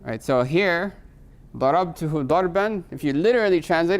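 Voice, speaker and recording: A man's voice: a little high, expressive. Man teaching grammar to a class. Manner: quizzes students with frequent rhetorical "right?"; slows to spell out Arabic terms. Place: classroom with students.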